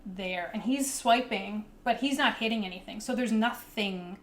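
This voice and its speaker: A woman's voice: mid-range voice, moderate pace. A young woman narrating a tabletop game as game master in a casual way, full of fillers.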